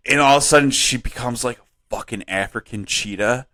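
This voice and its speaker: A man co-hosting a comedy podcast, rambling and swearing in casual chat, laughing often and jumping up in pitch when worked up. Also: a little fast. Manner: animated, voice jumps up when worked up. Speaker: podcast co-host.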